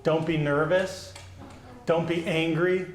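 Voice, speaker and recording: A male pastor giving a children's sermon, gently asking the children questions and answering them. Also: a little high, little pitch movement, takes it slowly, slight background noise. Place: church sanctuary. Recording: echoey church.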